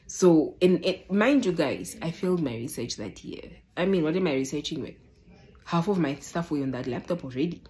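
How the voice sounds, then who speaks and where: A young woman telling a personal story to the camera, animated and exasperated, often calling out to her viewers. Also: deep voice, moderate pace. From Namibia. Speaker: vlogger. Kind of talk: casual storytime.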